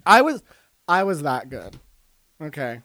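A man's voice: fairly high pitch, sing-song, a little slow, pushed and bright, no room sound, full character voice. A man doing a vain, dramatic film actress. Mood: boastful. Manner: gossipy, over-the-top, defensive. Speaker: comedy podcast guest. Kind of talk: improvised comedy impression. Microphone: online call.

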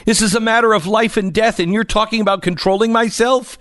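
A man reading aloud and voicing an upset eight-year-old girl from a storybook, pleading in a high, tearful voice. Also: fairly even intonation, fairly quick, a bit bright, no room sound, clean studio sound.

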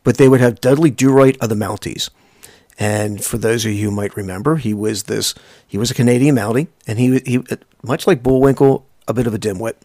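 A man's voice: mid-range voice, fairly quick, dark tone, no echo, clean studio sound. A man in his fifties co-hosting a podcast in casual chat, rambling on with many restarts. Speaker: podcast co-host.

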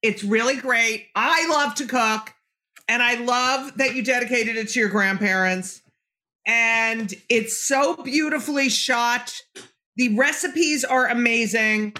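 A woman's voice: a little high, slow pace, bright, forceful tone. Brash, joking woman host. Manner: brash, joking, swears freely. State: phlegmy throat. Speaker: podcast host. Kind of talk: casual interview chat.

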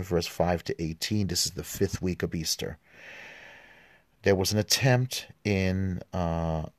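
Deep-voiced man reading scripture. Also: no room sound, studio quality. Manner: informal asides with fillers between readings. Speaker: podcast host reading the Mass readings. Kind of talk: reading scripture aloud, prayerful.

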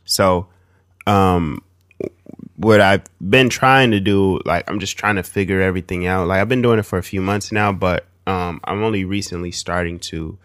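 Man, podcast co-host, very low voice, relaxed, halting, dry recording. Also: no room sound. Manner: relaxed, lots of fillers like "um" and "like". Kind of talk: casual chat.

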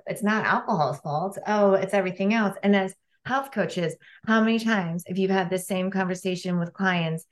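A woman co-hosting a podcast as a health coach, chatting casually and telling stories with lively acted-out bits. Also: mid-range voice. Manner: lively storyteller, acts out voices in anecdotes.

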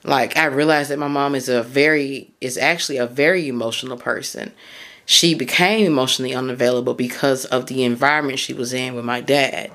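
A woman, hosting a solo podcast and talking in a candid, rambling way that often circles back and corrects itself. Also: rumbling low. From Tennessee, US. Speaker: podcast host.

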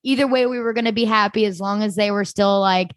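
A woman's voice: medium pitch, fast talker, dry recording. A woman co-hosting a casual TV recap podcast, gushing and enthusiastic. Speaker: podcast co-host.

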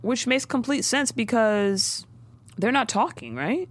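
Woman co-host. Casual recap with a lot of swearing and acted-out quotes. Very animated pitch. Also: measured pace. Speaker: podcast co-host recapping a TV show. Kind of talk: casual chat.

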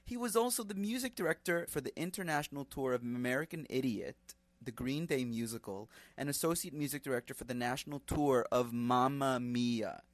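A man's voice: mid-range voice, brisk, hardly any pauses, no echo. A man co-hosting a podcast over a video call, chatting casually, joking around and hyping things up. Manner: playful, jokey, hypes things up. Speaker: podcast co-host.

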